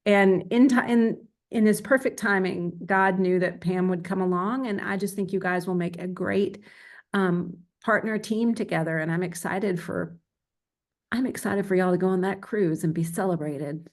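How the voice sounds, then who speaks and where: A woman on a team video call praising a colleague, warm and a little teary. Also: mid-range voice, fairly even intonation, normal speed. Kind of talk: heartfelt praise.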